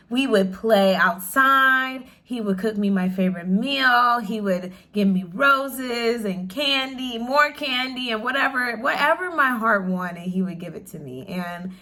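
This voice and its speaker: A woman's voice: mid-range voice, sharp tone. A young woman chatting casually to camera in a question-and-answer vlog, bubbly and full of "like" fillers, laughing often. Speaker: vlogger.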